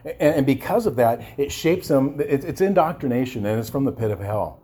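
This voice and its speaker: Man preaching, mellow dark tone, husky, passionate, stumbles and restarts. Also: medium pitch, lively intonation, a little fast. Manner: passionate, repeats words and restarts, asks the congregation "amen?". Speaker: pastor. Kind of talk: sermon.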